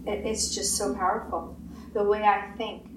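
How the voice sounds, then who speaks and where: A woman pastor giving a sermon, with emphatic repetition and quick acted-out quotes. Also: mid-range voice, flat delivery. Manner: repetitive emphatic preaching, acts out quoted voices. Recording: roomy echo, distant mic, faint hiss.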